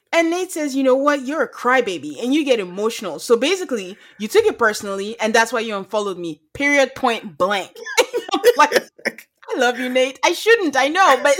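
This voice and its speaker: Animated high-voiced woman recapping. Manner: animated, laughing storyteller acting out quotes. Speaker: podcast co-host. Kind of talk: casual recap chat.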